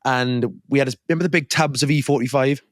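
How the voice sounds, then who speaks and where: Telling a story on a podcast he co-hosts, a man in his twenties chats casually and animatedly, performing the quoted voices of the characters. He speaks at a quick pace in a medium-pitched voice, recorded dry with clean studio sound.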